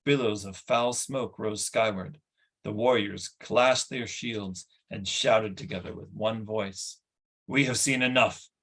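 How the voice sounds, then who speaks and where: A man reading a fantasy novel aloud in an even, steady way. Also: on the low side, slow, breathy edge. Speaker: audiobook reader.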